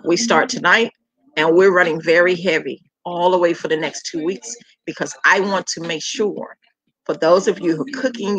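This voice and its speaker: A woman's voice: lowish voice, fairly bright tone, breathy edge, dry recording, low-quality recording. A woman hosting her home cooking channel, chatting casually and folksily with viewers and calling them honey and child.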